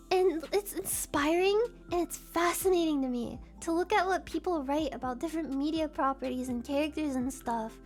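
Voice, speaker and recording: Very high-voiced chatty woman streamer. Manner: chatty, giggly, self-deprecating rambling. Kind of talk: casual livestream chat.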